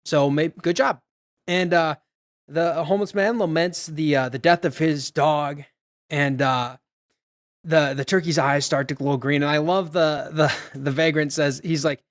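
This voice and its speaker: A man's voice: fairly high pitch, measured pace. A man hosting a podcast, casually retelling a film's plot with quoted lines, fillers and frequent laughs. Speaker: podcast host. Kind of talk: casual movie recap chat.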